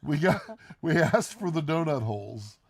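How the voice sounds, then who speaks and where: A man co-hosting a live stream, chatting casually and quickly, laughing often as he answers questions. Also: fairly high pitch, lively intonation, gravelly. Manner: fast-talking, laughs often.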